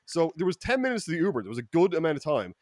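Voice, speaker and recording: A man with an Irish accent telling a story on a podcast in a lively, profane way, acting out the people he quotes. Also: fairly high pitch, racing, no room sound, studio quality. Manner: animated, profane, quotes people in mock voices. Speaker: podcast regular. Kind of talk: casual storytelling. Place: podcast studio.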